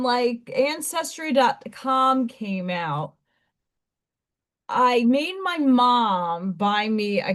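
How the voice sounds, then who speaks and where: Chatty middle-aged woman on a livestream, bit high voice, rambly, says hi to viewers a lot. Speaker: livestream host. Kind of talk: casual live chat with viewers.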